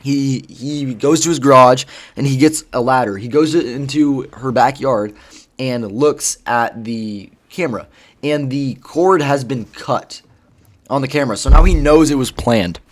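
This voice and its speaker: A man's voice: medium pitch, a little slow. A man casually retelling a story, rambling with lots of fillers and swearing. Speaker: vlogger.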